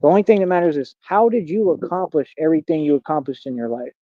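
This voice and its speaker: A man's voice: a little high, animated, fast talker, no echo. A man in his thirties ranting on a livestream in a brash, boastful, confrontational way. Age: 30s. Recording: dull lo-fi dry sound.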